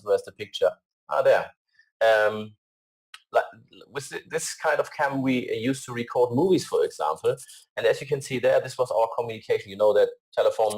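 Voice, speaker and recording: Halting man presenting slides, low voice. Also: a little mellow, poor audio. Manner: hesitant, many fillers and restarts; earnest.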